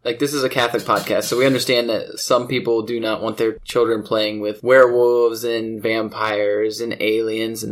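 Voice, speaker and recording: A man's voice: medium pitch, a bit bright. A man hosting a podcast, chatting casually and telling stories with easy laughs. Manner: chatty storytelling, laughs easily. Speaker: podcast host. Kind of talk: casual chat about board games.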